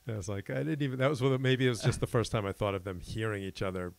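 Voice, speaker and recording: A man's voice: lowish voice, rapid-fire, creaky, no room sound. A man co-hosting a podcast, chatting casually and rambling through stories with self-corrections. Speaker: podcast co-host. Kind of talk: casual chat.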